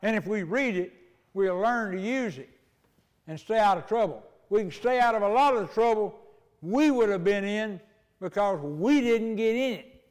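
Folksy older preacher, high voice. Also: male voice, lively intonation, moderate pace, big-room sound. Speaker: pastor. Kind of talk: sermon.

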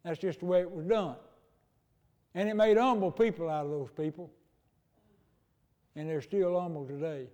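An older male pastor with a high-pitched voice preaches in a folksy, storytelling way. His words ring out with a long reverb, as in a church hall. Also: normal speed, long pauses, warm tone, lo-fi sound. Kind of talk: sermon.

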